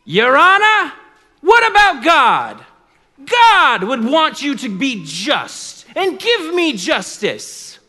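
A man acting out a desperate, persistent widow who loudly demands justice. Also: very high voice, wildly swooping pitch, slow, pitched above the performer's own voice, exaggerated voice. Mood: pleading. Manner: shouting insistent demands. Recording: long reverb of a large hall.

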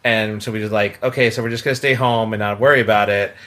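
Bright-voiced teasing man hosting. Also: fairly low pitch, fairly even intonation, fast. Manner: teasing, playful. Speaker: podcast host. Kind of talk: casual chat.

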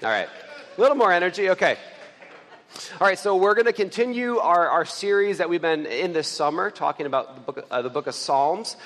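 A man with a slightly high voice delivers a relaxed, conversational sermon to his congregation. He talks earnestly, stumbling through fillers and restarts, and the sound carries a long reverb from the church hall. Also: fairly quick. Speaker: pastor and church elder. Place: church sanctuary.

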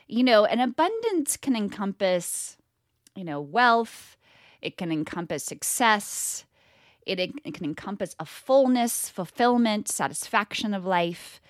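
A woman's voice: medium pitch, fairly bright tone, dry recording, studio quality. A middle-aged woman from California hosting her own podcast, talking in a bubbly, chatty way with laughs. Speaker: podcast host. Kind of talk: casual solo podcast monologue.

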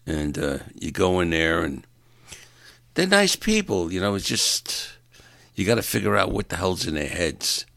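A man's voice: low voice, very animated, a little slow, vocal fry, fairly bright tone, no room sound, studio quality. A man in a rambling comic monologue, exasperated and ranting, stumbling over repeated words as he vents. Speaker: stand-up comedian.

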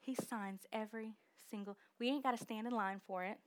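A woman preaching a sermon with energetic call-and-response exhortation. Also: fairly high pitch, brisk.

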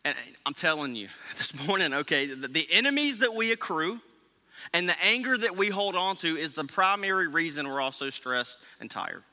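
A male pastor gives a conversational sermon, stopping often to check in with his listeners. His voice sits high and rings very bright. It carries a long reverb from a large hall. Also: lively intonation, moderate pace. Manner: conversational, checks in with "okay?" and "right?".

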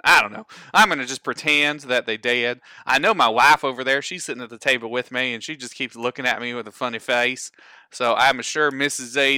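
Band teacher guy hamming up a southern accent at his kitchen table, chatty, smooth tone. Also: medium pitch, bright, forceful tone, no room sound, studio quality. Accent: put-on American Southern. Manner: rambling, chatty, folksy. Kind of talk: casual video lesson. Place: at a table at home.

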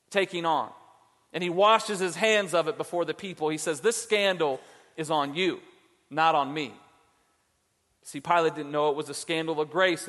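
A male pastor delivering a sermon, impassioned at times and dropping low and soft for emphasis. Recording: church hall with long reverb.

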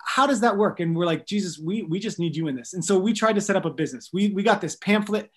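A man in his thirties, a missionary guest on a podcast, telling stories in an earnest, animated way with light jokes. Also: sits high, quick pace. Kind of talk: storytelling in a podcast interview.

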